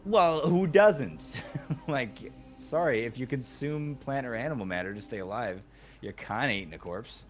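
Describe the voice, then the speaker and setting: A man's voice: medium pitch, animated, moderate pace, soft background music. A man streaming a video game, casually joking, swearing and riffing on tangents with his co-host. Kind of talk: casual let's-play banter.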